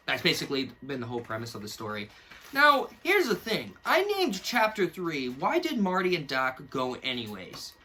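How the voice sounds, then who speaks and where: A man's voice: mid-range voice, pushed and bright, slight background noise. A young man in casual, rambling commentary, mocking himself and laughing often as he reviews something he wrote as a kid. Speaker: YouTuber reviewing his own childhood book.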